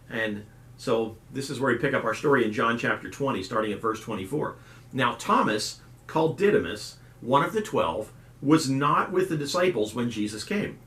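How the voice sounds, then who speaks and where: A middle-aged man, a youth pastor hosting a casual devotional talk, telling folksy stories and acting out voices. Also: mid-range voice. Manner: folksy storyteller, animated quoted voices. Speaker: youth pastor and video host. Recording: roomy echo.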